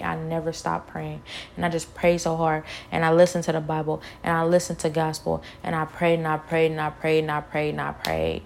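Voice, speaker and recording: Fervent young woman, slightly low voice. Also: creaky, slight background noise. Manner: fervent, repeats phrases, many "like" fillers. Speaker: vlogger sharing a personal testimony. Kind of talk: emotional personal storytelling.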